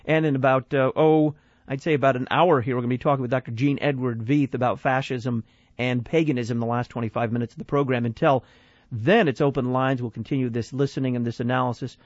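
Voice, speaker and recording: A man's voice: mid-range voice, fairly even intonation, fast talker, no room sound, muffled recording. A male radio host giving analytical commentary, posing questions and answering them himself.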